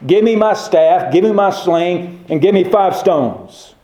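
A man's voice: high-pitched, a little slow, mellow, echoey room, voice pushed up. A man voicing a young, confident shepherd warrior, speaking with earnest resolve in a sermon retelling. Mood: resolute.

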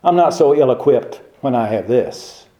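A man's voice: medium pitch, animated, moderate pace, warm tone, roomy sound, natural voice. A man voicing a young, confident shepherd warrior, speaking with earnest resolve in a sermon retelling. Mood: resolute.

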